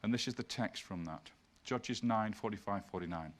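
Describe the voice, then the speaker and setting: A man's voice: fairly low pitch, normal speed. A man giving an illustrated lecture, explaining slides point by point and reading passages aloud. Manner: reads scripture passages aloud.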